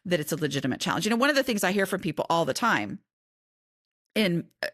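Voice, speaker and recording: A woman's voice: on the low side, sing-song, quick pace, a bit bright, no echo, clean studio sound. A middle-aged woman, an author and podcast guest, talking in a chatty, candid way and often interrupting herself. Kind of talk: casual conversation.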